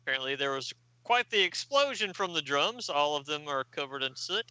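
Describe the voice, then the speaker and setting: A man hosting a podcast who reads a comic aloud in a playful way and chuckles often. His voice is high and very bright, and it moves a lot in pitch. The sound is dry and close. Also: lively intonation, fairly quick, no room sound, dull audio.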